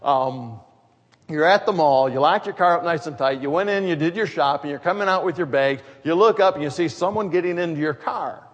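Rambling pastor, slightly high voice, reverberant hall. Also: male voice, fairly quick, lo-fi sound. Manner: conversational, wandering into humorous asides. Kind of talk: sermon.

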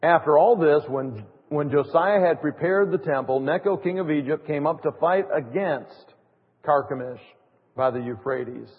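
A man's voice: fairly high pitch, unhurried. A man preaching a sermon in an emphatic way, with sarcastic mock quotes. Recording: tinny phone-like audio in a reverberant hall.

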